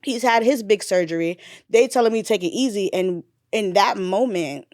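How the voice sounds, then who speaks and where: A young adult woman, a mother, candidly telling her story in a casual interview, animated, with blunt slang and swearing. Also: medium pitch, moderate pace, dry recording, studio quality.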